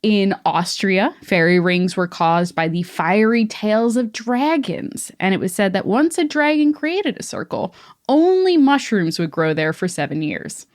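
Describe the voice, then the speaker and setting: A woman's voice: mid-range voice, animated, unhurried. A woman co-hosting a podcast, relaying folklore in a chatty, lightly amused way. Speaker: podcast co-host. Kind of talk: casual chat.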